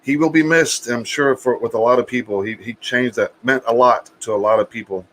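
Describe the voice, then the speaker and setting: Man, mid-pitched live-stream co-host, crude joker who stammers and repeats words, faint background noise. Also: fairly quick, a bit bright. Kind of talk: casual banter.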